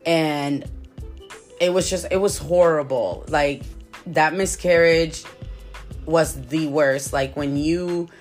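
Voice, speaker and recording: A young woman telling a painful personal story in a halting, emotional way, with many restarts. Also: deep voice, faint music behind. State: tearful.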